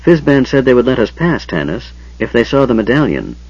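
A man reading a story aloud, voicing a gentle young woman in a soft, raised voice, on a dull lo-fi recording. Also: medium pitch, very animated, a little fast, breathy edge, no echo, voice pushed up. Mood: reassuring. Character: gentle young priestess woman, calm and reassuring.

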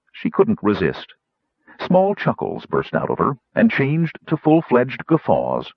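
Brief: deep, husky male audiobook reader, expressive melody, dry, muffled recording. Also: no echo. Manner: measured storytelling, shifting into character voices. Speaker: audiobook narrator. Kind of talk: scripted fantasy narration.

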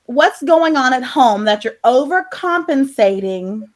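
A bubbly, giggly woman with a high voice that swoops up and down. She rants animatedly in casual chat over a video call. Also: lively intonation, unhurried. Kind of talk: casual group chat, ranting.

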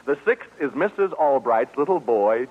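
A man's voice: mid-range voice, lively intonation, normal speed, husky. A man hosting a live radio game show in a studio, jovial and teasing, laughing often as he leads contestants. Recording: muffled old radio broadcast recording.

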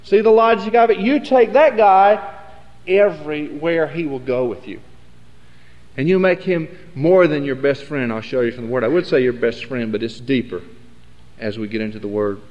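Male preacher, high voice, emphatic and rambling, in a roomy hall on a dull old recording. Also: moderate pace, a little mellow. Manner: rambling, emphatic, self-correcting. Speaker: Bible teacher. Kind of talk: sermon. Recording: echoey hall, dull lo-fi sound.

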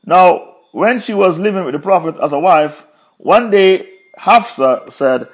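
Brief: male religious teacher, slightly high voice, repeats points for emphasis. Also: animated, unhurried. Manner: repetitive, emphatic storytelling. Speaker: Quran teacher. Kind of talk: religious lesson, storytelling.

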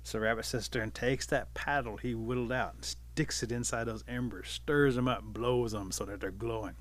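A man telling a folk tale aloud in a relaxed, unhurried way. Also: mid-range voice. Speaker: storyteller. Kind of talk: oral folk-tale narration.

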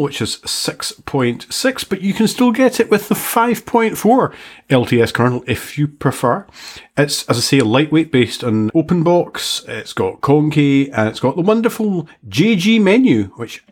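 Husky man, dry self-mocking podcast chat. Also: mid-range voice. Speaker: podcast co-host. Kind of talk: casual chat.

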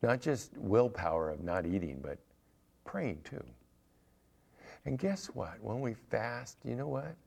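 Male preacher, low gravelly tone, lively sermon delivery with comic asides. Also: slow, long pauses. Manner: animated, acts out little scenes with humor. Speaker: pastor.

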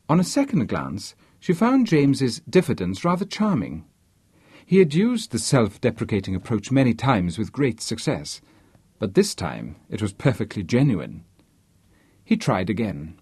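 A male narrator reads a novel aloud with an animated, expressive delivery. His voice has a husky grain. The recording is dry and close. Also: lowish voice, dry recording. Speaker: audiobook narrator.

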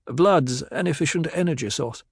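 A man voicing a calm, commanding male ecologist who talks in a cool, lecturing way in a storybook reading. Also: a little high, moderate pace, gravelly, husky, no room sound, clean studio sound, pitched above the performer's own voice.

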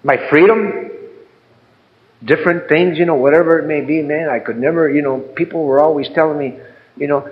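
A man's voice: a little high, brisk, narrow, tinny audio. An older man giving a heartfelt, rambling personal testimony about his recovery, often adding "man" and "you know". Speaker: recovery speaker.

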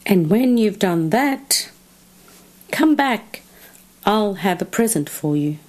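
A woman voicing a selfish, bossy male crocodile in a children's storybook reading, slow and emphatic. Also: mid-range voice, lively intonation, a little mellow, pitched above the performer's own voice. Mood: relieved.

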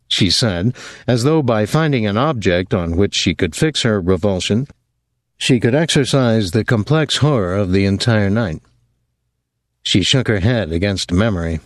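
A man reading a novel aloud as an audiobook narrator, in an even, unhurried way. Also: fairly low pitch, no room sound. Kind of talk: scripted narration.

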